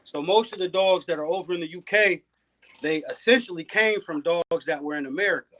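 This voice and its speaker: A man, a guest on a podcast and a dog breeder, telling stories in a relaxed, casual way. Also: high voice, a little fast. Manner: laid-back, peppers talk with "man". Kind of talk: casual storytelling chat.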